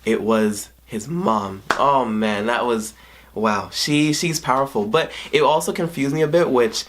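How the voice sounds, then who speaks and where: Excited guy in his 20s gushing over a movie, rambly, keeps jumping around, kinda emotional. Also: medium pitch, unhurried, background noise. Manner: gushing, rambling, restarts, jumps between points; emotional, near tears at times. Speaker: vlogger. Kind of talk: excited spoiler movie review.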